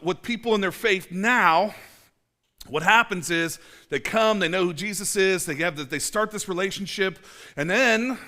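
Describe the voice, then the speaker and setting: A man in his forties preaches casually in a church, his high voice pushed and bright. As a pastor giving a conversational sermon, he's chatty, stumbling through fillers and restarts, with dry, self-mocking asides.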